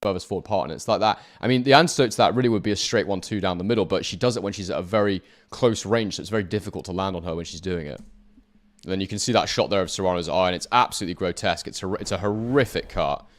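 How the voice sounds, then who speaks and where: A man giving measured, explanatory analysis of a boxing fight as a guest. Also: low voice.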